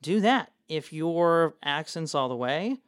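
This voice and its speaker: A young man, a dungeon master co-hosting a podcast, talking in an animated, excitable casual chat and swearing freely. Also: on the high side, slow, clean tone, no echo, clean studio sound.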